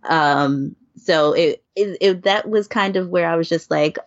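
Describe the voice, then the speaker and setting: A woman's voice: lowish voice, measured pace, hardly any pauses, no room sound. A woman from New York, a podcast guest talking casually, laughing often and restarting her sentences. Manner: laughs often, talks with many fillers and restarts. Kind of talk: casual chat. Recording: dull lo-fi sound.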